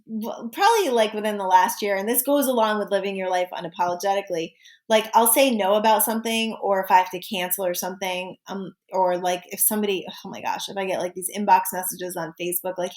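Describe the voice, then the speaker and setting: A woman in her forties hosting a solo self-help podcast, talking casually with sudden high exclamations and asides. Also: a little fast. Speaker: podcast host and life coach.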